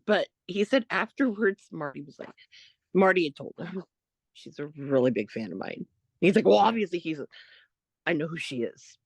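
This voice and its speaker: A woman co-hosting a podcast, telling a story in a casual, animated way, quoting what others said. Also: fairly low pitch, normal speed, breathy edge, dry recording. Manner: animated retelling, quotes others, laughs often. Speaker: podcast co-host.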